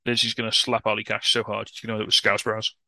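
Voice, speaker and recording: A man co-hosting a podcast, chatting casually and excitably, swearing and laughing often. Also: on the low side, fast, creaky, dry recording. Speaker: podcast co-host. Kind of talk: casual wrestling podcast chat.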